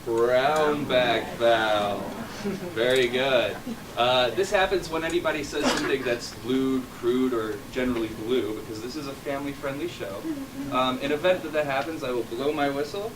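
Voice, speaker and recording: A man's voice: medium pitch, brisk. A man refereeing and hosting a live improv comedy show, playful and upbeat as he coaxes the crowd. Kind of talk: addressing a live audience. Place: theater stage. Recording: distant, noisy live room.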